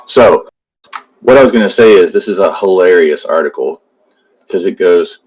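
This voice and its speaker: A man's voice: low-pitched, lively intonation, moderate pace, pauses often, a little mellow, breathy edge, muffled recording. A man hosting a casual live stream, reading aloud loosely and joking as he goes. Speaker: stream host.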